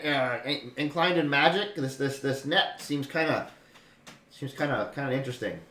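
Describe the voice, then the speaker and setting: A man's voice: medium pitch, normal speed, pushed and bright, natural voice. A man voicing a chatty, nervous male halfling captive who stammers and rambles, in an echoey room. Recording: echoey room, faint noise.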